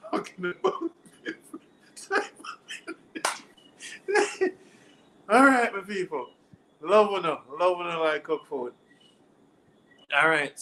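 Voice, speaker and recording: A man's voice: a little high, pushed and bright, a little hiss or hum, low-quality recording. A man with a Jamaican accent hosting a live stream, reading viewer comments aloud, laughing often and quizzing his viewers like a teacher. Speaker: livestream host.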